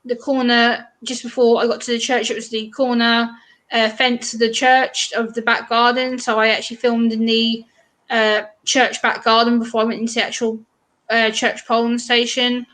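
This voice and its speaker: A woman's voice: a little high, level tone, normal speed, fairly bright tone. Chatty English woman from eastern England. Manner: chatty, laughs often, restarts sentences. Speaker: guest YouTuber. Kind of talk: casual live-stream chat.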